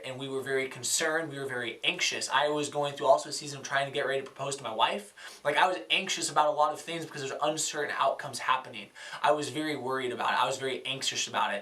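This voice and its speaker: A man's voice: fairly high pitch, bright, forceful tone, distant mic. A young man talking earnestly in a casual vlog, reflective, with many fillers. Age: young adult. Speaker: vlogger.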